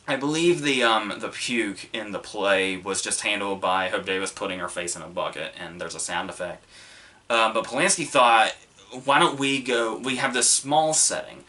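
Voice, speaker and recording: A young man talks through a film review on his podcast, circling his points with many fillers and restarts. His fairly low voice has a bright, tense edge to it. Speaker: podcast host.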